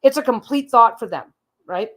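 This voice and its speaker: A woman's voice: lively intonation, normal speed. A woman hosting her own show, telling a long casual story with lots of asides, restarts and the odd swear word. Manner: chatty, rambling, frequent asides and restarts; mimics a parrot's calls in a higher squawky voice. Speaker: host.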